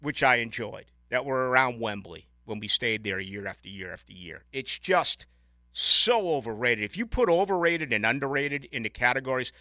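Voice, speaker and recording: A man hosting a sports radio show, chatting casually and ranting with animated opinions from a studio mic. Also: mid-range voice, dry recording. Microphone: studio microphone.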